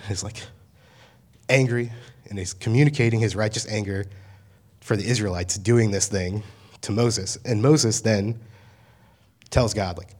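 Young male campus minister, lowish voice, loose chatty sermon delivery with asides. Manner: conversational, many fillers, paraphrasing with voiced asides. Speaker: campus ministry staff speaker. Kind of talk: casual sermon talk.

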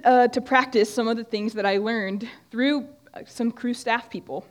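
A woman's voice: a little high, steady tone, moderate pace. A young woman giving a conversational Bible talk to a group, often restarting her sentences. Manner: conversational, with frequent restarts and fillers. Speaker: student ministry speaker. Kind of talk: sermon-style Bible teaching. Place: room with a group of listeners.

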